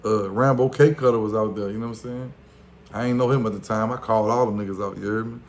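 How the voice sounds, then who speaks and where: Louisiana man, low voice, rambling street storyteller, faint room hum. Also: fairly even intonation, fast talker. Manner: loose street slang, fillers, acts out quotes. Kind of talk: casual storytelling.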